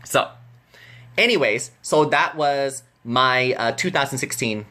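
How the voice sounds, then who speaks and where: Man, casual vlogger, chatty storytelling, lots of fillers, mid pitch. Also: takes it slowly. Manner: animated, chatty, many fillers and restarts.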